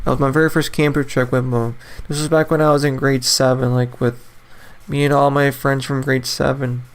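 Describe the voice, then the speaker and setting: A man's voice: medium pitch, level tone, moderate pace, clean tone. A man in his twenties talking alone on a casual podcast, in an ordinary mid-range voice. He rambles, restarting sentences and saying things twice over. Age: 20s. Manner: rambling, repeats and restarts himself. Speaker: podcast host. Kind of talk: solo casual chat.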